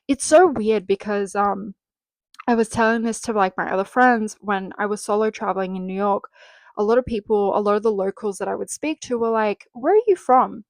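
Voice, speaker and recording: A woman's voice: medium pitch, fairly even intonation, a little fast, dry recording. A young Australian woman hosting a casual solo podcast, chatting with lots of "um" and "like" fillers and casual swearing. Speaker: podcast host.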